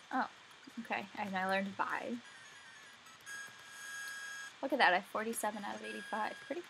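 A woman's voice: mid-range voice, normal speed, gravelly, pauses often, rough recording. Sleepy woman chatting through a game. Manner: chatty, talks to herself while playing. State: sleepy, yawning. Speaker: let's play gamer. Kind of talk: casual gameplay commentary. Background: faint game music.

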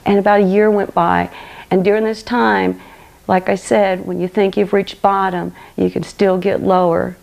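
A woman giving an earnest personal testimony, halting and repeating phrases as she speaks. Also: medium pitch, level tone, gravelly, a little mellow.

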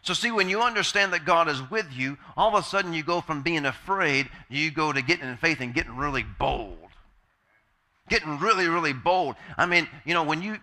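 A man's voice: a little high, pushed and bright. A man preaching a sermon as pastor, emphatic and repeating key phrases, asking the congregation call-and-response questions.

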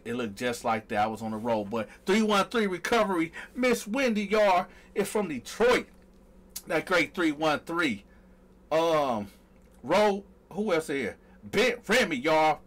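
A man's voice: medium pitch, fairly bright tone. A man hosting a live stream, talking loosely and chatting with viewers while he stumbles over their names. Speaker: livestream host. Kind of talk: casual live-stream roll call.

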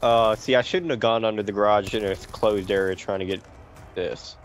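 A man's voice: on the low side, steady tone, normal speed, slight background noise. A man playing a co-op game over a headset mic, teasing and joking with his friends. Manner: teasing, jokey. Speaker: co-op game player. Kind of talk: casual gaming chat.

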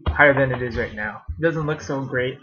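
A man's voice: mid-range voice, fairly quick, pushed and bright, breathy edge, muffled recording. A young man in a casual vlog at home, rambling and sarcastic about college, laughing often, recorded on a webcam. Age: young adult. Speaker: vlogger.

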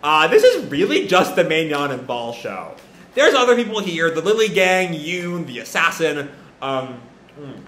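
A man's voice: fairly high pitch, big pitch swings, a little slow, a bit bright, slight background noise. Guy rambling through a manga reaction, stuffy sinuses, echoey room. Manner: rambling, thinks aloud with fillers. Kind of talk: casual live reading and reaction.

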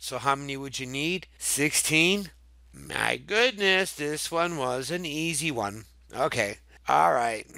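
A man teaching a math review for children, joking and bantering along the way. His voice sits at an ordinary pitch with a gravelly rasp. The sound is dry and close, with no room echo. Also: sharp tone. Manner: playful, jokey, chatty with a toy hippo, sing-song exclamations. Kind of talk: lively math lesson for children.

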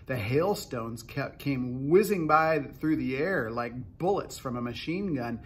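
A man reads a children's book aloud in an unhurried narration with the odd restart. His voice is husky and sits at an average pitch for a man. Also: animated.

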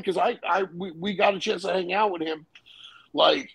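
A man's voice: high-pitched, fairly even intonation, normal speed, vocal fry, a bit bright, husky, no room sound, poor audio. A man in casual chat, slangy and profane, calling people "bro" as he talks.

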